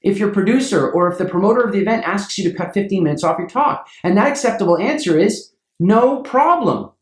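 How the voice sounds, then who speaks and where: Lively man teaching in an echoey room. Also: fast. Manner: acts out quoted voices with big pitch jumps. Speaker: speaking coach. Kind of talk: animated storytelling lesson.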